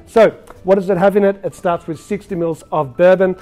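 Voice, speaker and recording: A man's voice: high-pitched, steady tone, fairly quick, dark tone. A man hosting a cocktail demonstration as a bartender, talking in a chatty, upbeat way with frequent filler words. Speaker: bartender and show host.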